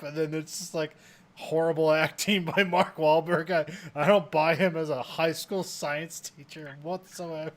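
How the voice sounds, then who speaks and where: A man's voice: on the high side, fairly even intonation, normal speed. A man co-hosting a podcast, telling stories in a laughing, irreverent way. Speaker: podcast co-host. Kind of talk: casual chat.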